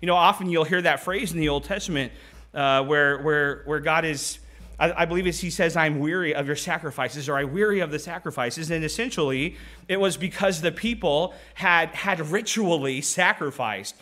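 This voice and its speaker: A man's voice: a little high, normal speed, bright, forceful tone. A middle-aged man preaching a conversational sermon, reading scripture aloud and often restarting his sentences.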